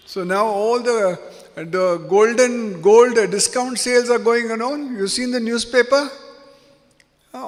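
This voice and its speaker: A man leading an interactive workshop, quizzing the audience and joking in an animated way. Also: high-pitched. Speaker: workshop facilitator. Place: seminar hall. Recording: long hall reverb.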